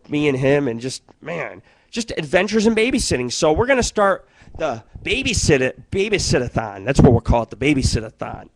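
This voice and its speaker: A man's voice: fairly high pitch, dry recording. A middle-aged man hosting a radio show, telling rambling, profane comic stories in a crude monologue.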